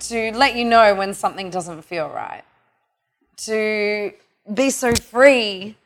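Animated, profane woman teaching tantra. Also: medium pitch. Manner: animated and profane, acts out voices. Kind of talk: casual spiritual talk.

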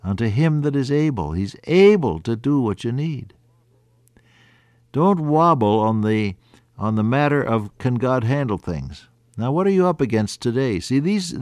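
A man preaching an earnest sermon, quoting scripture in old-fashioned wording and rising, then dropping to a hushed voice. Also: mid-range voice, no room sound, clean studio sound. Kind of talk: radio sermon.

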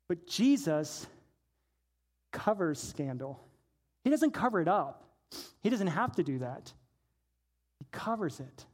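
Delivering a sermon, a pastor tells a story, his voice moving between quiet, low stretches and loud shouts of praise.

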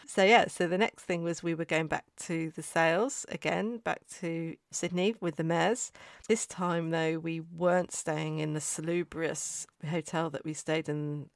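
Brief: podcast host, gravelly voice, dry close sound, rambling self-mocking anecdotes. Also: mid-range voice, steady tone, unhurried, dry recording. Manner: chatty, self-mocking, trails off and restarts. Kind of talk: casual anecdotal storytelling.

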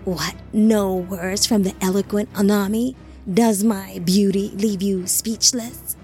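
A woman voicing a rasping, sneering monster. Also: medium pitch, fairly even intonation, mellow, soft background music. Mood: mocking. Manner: slow, sneering taunts. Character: scorched monstrous fallen male creature, mocking.

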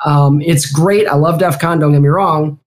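A woman with a Midwestern American accent, chatting casually as an interview guest, quick and rambling with fillers. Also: sits low, fairly even intonation, darkish tone. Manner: chatty, talks in bursts with fillers. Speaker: guest, security executive.

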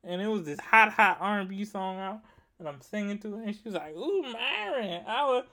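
A man's voice: high-pitched, fairly quick, pushed and bright. A young man doing stand-up comedy, telling rambling, profane stories and repeating his punchlines.

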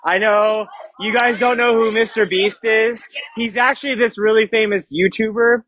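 A man's voice: sits high, steady tone, normal speed, a bit bright, no room sound, lo-fi sound. A man in his thirties giving a casual, joking sermon to a youth group as youth pastor, often asking the crowd questions. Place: church youth room.

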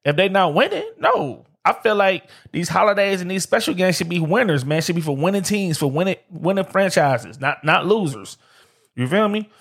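A man's voice: high-pitched, normal speed, a bit bright. A man from Detroit hosting a solo sports podcast, talking in a loose, slangy way and often repeating "like I said" and "man". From Detroit, USA. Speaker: podcast host. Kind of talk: casual solo sports talk. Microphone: streamed live on camera.

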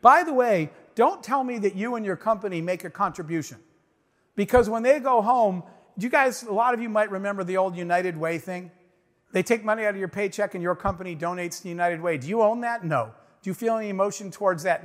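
A man with a high voice gives a motivational talk to a crowd. He tells a story with emphasis and acts out each line of dialogue. The sound rings with the long reverb of a big hall. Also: brisk, fairly bright tone. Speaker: business owner giving a speech.

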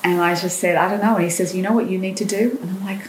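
On a podcast, a woman who works as a dating coach tells a personal story with feeling, speaking quickly in a medium-pitched voice. She's animated and acts out the quoted dialogue of the people involved. The room is echoey, with slight background noise.

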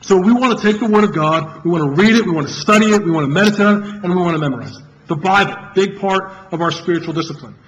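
High-voiced man preaching an emphatic sermon. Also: muffled recording. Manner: earnest and emphatic, repeating key phrases with dramatic pauses. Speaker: pastor.

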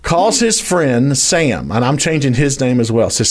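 Folksy Louisiana storyteller, male, lively pitch. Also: unhurried, few pauses. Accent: Louisiana Southern US. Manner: folksy, dramatic, addresses listeners as y'all. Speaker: storyteller guest. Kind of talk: animated storytelling.

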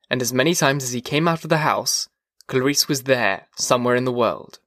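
A man narrating an audiobook in a measured, even storytelling manner. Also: medium pitch, no room sound, studio quality.

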